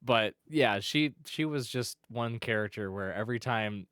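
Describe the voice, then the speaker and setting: A man's voice: lowish voice, unhurried, fairly bright tone, smooth, no room sound, studio quality. A man co-hosting a casual anime podcast, rambling with many restarts and fillers. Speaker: podcast co-host. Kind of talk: casual chat.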